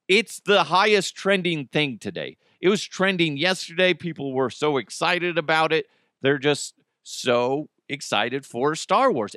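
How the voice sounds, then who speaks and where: A man's voice: fairly high pitch, pushed and bright, clean tone, no echo, clean studio sound. A man hosting a casual solo podcast, joking and rambling, swearing freely and slipping into mocking voices. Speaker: podcast host.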